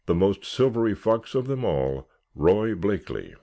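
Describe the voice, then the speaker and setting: A man's voice: lowish voice, big pitch swings, measured pace, creaky, warm tone, voice pushed up, full character voice. A man reading the part of a genial male scoutmaster giving an earnest, rallying speech in an audiobook. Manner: earnest, oratorical, rallying cheers.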